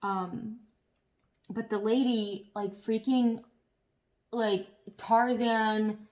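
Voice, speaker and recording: A woman's voice: on the high side, very slow. Chatty woman vlogging to camera. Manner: chatty, animated storyteller who swears. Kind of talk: casual chat to camera.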